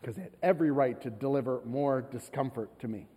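A man preaching a sermon as pastor, telling a family story in a conversational, animated way. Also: mid-range voice, fairly quick, slightly rough. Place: church sanctuary. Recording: long church hall reverb.

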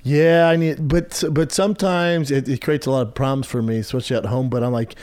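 Loud, emphatic man, dry sound. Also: mid-range voice, steady tone, fast, hardly any pauses, clean tone, no echo. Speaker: podcast guest. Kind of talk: casual chat.

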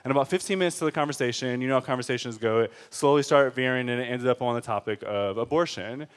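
A male preacher delivering an impassioned sermon at a middle pitch. He presses hard on key points, then drops to a hushed, slow tone for weight, and calls his listeners friends. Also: smooth.

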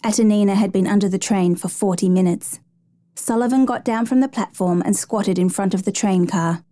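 A woman narrates a true rescue story in a steady, measured storytelling voice. Her tone is warm and mellow, sitting in the middle of the usual range. The sound is close and dry, with no room around it. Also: mid-range voice, dry recording.

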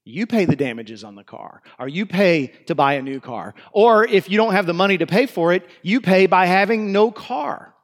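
A man preaching a sermon as a pastor. He mixes slow, deliberate scripture reading with conversational asides. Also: high voice, lively intonation, long reverb tail. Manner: slows down to read scripture aloud, conversational asides.

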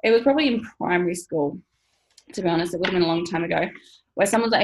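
A woman's voice: lowish voice, rapid-fire, a little mellow, a little hiss or hum, low-quality recording. A woman in her thirties, talking casually to camera as a money mindset coach, chatty, laughing often and swearing now and then.

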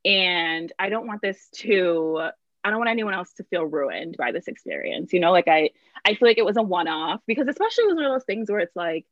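A woman's voice: on the low side, big pitch swings, fairly quick, dry recording, muffled recording. A young woman telling a personal story in casual podcast chat, talking in a rambling way with lots of fillers and restarts. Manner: chatty, lots of "like" and restarts, laughs through stories.

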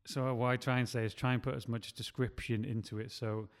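A man's voice: mid-range voice, little pitch movement, a little fast, in a large hall. A man, a scriptwriter, talking casually and rambling with many restarts. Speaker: scriptwriter and podcast host. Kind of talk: casual chat.

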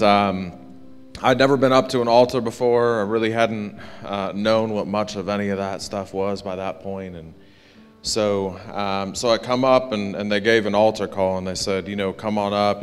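A man pastor telling his personal testimony to a congregation, earnest and rambling, with many fillers and restarts. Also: on the low side.

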